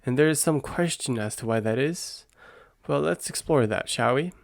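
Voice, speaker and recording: A scheming, bossy fairy godmother, whispered by a man in a close role-play reading. Her lines come brisk and condescending, lifted higher than the reader's own voice. The sound is dry and intimate. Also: vocal fry, no echo, lightly acted. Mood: smug.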